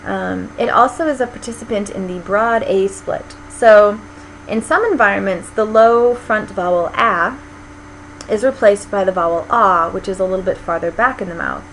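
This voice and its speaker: An American linguistics lecturer from the United States explains her material step by step, with frequent ums and small restarts. Her mid-range voice has a fairly bright tone and a moderate pace, and the rough recording carries a little hiss or hum.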